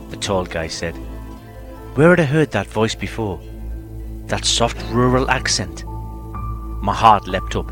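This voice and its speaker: Male narrator, low pitch, calm measured novel reading, music bed underneath. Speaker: audiobook reader.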